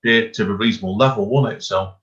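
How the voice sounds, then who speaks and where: A man's voice: fairly low pitch, fast, a bit bright. A man hosting an interview, chatty and encouraging, asking rambling questions. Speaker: host. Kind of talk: casual interview chat. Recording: dull lo-fi audio.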